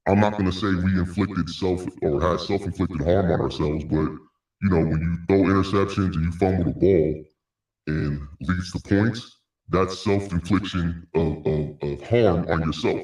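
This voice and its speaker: A man's voice: low-pitched, moderate pace, a little mellow, echoey room, far from the mic. A man hosting a casual solo sports recap, rambling, repeating words, with frequent sighs and laughs. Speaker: sports podcast host.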